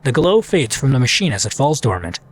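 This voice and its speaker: A man's voice: mid-range voice, very animated, brisk. A man hosting a let's play, chatting casually and playfully while he reads the game aloud. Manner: chatty, playful, self-mocking.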